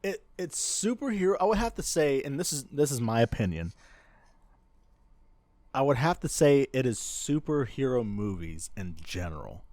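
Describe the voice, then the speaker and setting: This podcast co-host speaks at a medium pitch with a sing-song, slightly mellow quality and an ordinary pace. His storytelling is loose and chatty, full of laughter and false starts, and there's no audible room sound.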